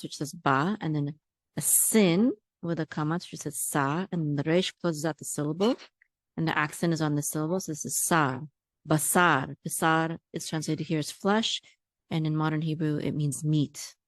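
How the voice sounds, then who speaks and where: A woman's voice: sits low, normal speed, no echo, clean studio sound. A woman teaching a language lesson, spelling words out syllable by syllable and patiently repeating each sound. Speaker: Hebrew teacher. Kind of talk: word-by-word reading lesson.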